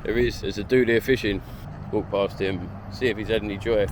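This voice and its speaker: A man's voice: lowish voice, steady tone, fairly quick. A man from Essex with an Essex accent, chatting in a rambling, slangy way while walking outdoors by a harbour for his vlog. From Essex, England. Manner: rambling, slangy, full of "like" and swearing. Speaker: vlogger. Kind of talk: casual walk-and-talk vlog. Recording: loud wind noise on the mic.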